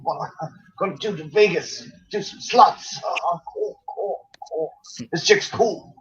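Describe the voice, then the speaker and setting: A man's voice: high voice, a little slow, a bit bright, slightly rough. A man with an Irish accent in a casual, jokey chat, swearing freely and laughing often. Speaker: friend in a chat. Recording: dull lo-fi sound.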